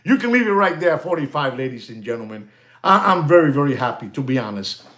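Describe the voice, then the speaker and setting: A man hosting a live stream, excitable and animated, thanking viewers and mixing in exclamations. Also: mid-range voice, fast talker.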